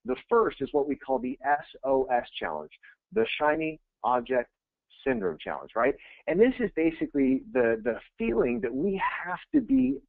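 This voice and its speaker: A man, a real estate coach, giving an energetic, conversational webinar presentation and repeating phrases for emphasis. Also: a little high, moderate pace, vocal fry, no room sound. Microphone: webinar audio feed. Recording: tinny phone-like line, dry.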